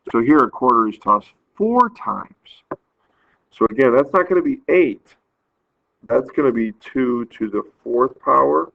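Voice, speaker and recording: A man's voice: fairly low pitch, measured pace, gravelly, dry recording. A man teaching a math lesson, patiently explaining step by step and counting aloud. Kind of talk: recorded math lesson walkthrough. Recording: tinny phone-like audio, dry.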